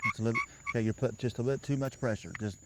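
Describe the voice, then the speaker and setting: A man's voice: medium pitch, huge pitch swings, fast, very noisy. A man giving a patient, folksy hands-on lesson outdoors, often repeating himself as he coaches a beginner. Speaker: turkey calling instructor.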